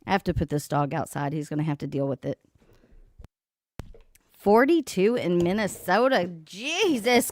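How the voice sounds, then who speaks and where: Chatting from home next to an open back door, a woman hosts a casual livestream and greets her viewers by name. Her voice sits fairly low, with lively intonation, normal speed, long pauses, and a slightly mellow tone. She speaks into a desk microphone.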